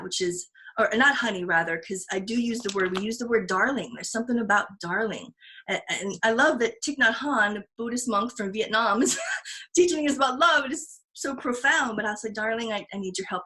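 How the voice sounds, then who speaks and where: A woman's voice: mid-range voice, moderate pace, pushed and bright, rough recording. Woman podcast host, earnest and reflective, mid-range voice, casual conversational delivery. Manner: earnest and reflective, with frequent restarts and laughs.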